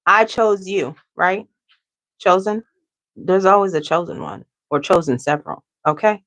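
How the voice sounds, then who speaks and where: A tarot reader gives her viewers a casual reading, chatty and repetitive, frequently tagging lines with "okay?". Her voice sits on the low side, unhurried and a bit bright.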